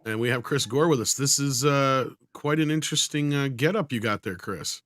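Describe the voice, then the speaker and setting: A man's voice: medium pitch, normal speed, fairly bright tone, dry recording, clean studio sound. A man hosting a casual panel chat, joking easily as he introduces his guests. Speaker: show host.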